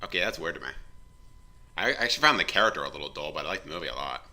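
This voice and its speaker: A young man co-hosting a casual movie commentary, making quick dry jokes. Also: extremely low pitch, sing-song, sharp tone. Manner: quick, dry, joking remarks.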